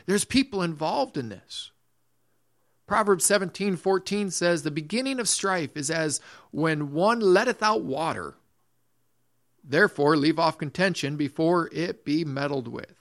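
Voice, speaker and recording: A man's voice: fairly high pitch, expressive, a little slow, fairly bright tone. A man preaching a sermon in earnest, repeating his phrases, restarting sentences and reading scripture aloud. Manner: reads scripture in old-fashioned phrasing. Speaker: pastor.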